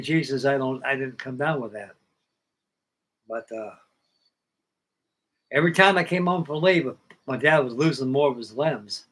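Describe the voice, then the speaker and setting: A man's voice: medium pitch, a bit bright, rough recording. An older man with a middling voice telling a rambling personal story. He speaks in a plain, folksy way and acts out the old conversations as he goes. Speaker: hobby model-building livestream host.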